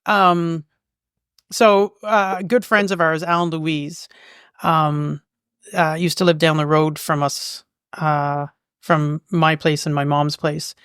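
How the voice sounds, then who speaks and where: A woman's voice: low-pitched, flat delivery, takes it slowly, fairly bright tone, clean tone, dry recording, clean studio sound. A Canadian woman co-hosting a podcast, telling farm stories in a casual, rambling way with lots of fillers and restarts. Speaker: podcast co-host. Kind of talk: casual storytelling chat. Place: local museum.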